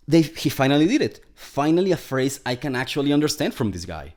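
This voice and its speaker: A man with a Spanish mother tongue narrates a video essay in a scripted, sardonic tone. His pitch rises and falls with lively emphasis as he grows exasperated. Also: a little fast, few pauses, soft background music. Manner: sarcastic, exasperated critique. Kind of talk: scripted commentary.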